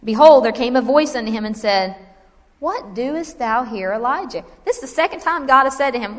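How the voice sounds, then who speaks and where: A woman preaches a Bible lesson in a lively, conversational way, turning often to her listeners with asides. Her voice sits a little high, and a long reverb trails behind it as in a large hall. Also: moderate pace. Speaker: Bible teacher. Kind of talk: sermon.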